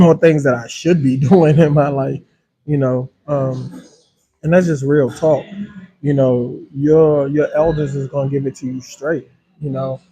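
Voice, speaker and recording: A man's voice: medium pitch, rough recording. A man hosting a casual livestream, rambling easily and talking straight to his viewers, with in his speech. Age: adult with a hundred-year-old grandmother. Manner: relaxed, rambling, talks to viewers as y'all. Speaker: live-stream host.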